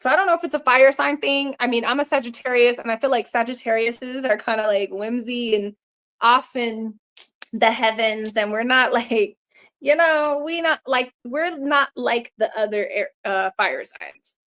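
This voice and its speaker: A woman's voice: fairly high pitch, normal speed, a bit bright. A woman hosting a casual livestream, rambling loosely with lots of swearing, laughter and "you know" fillers. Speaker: livestream host. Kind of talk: casual live-stream chat.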